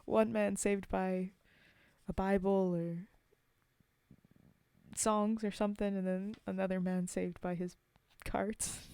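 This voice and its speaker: A woman's voice: mid-range voice, little pitch movement, takes it slowly, long pauses, mellow, clear, resonant tone, no room sound. A woman streamer chatting casually between poem readings, giggling and filling gaps with ums. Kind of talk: casual chat between poems.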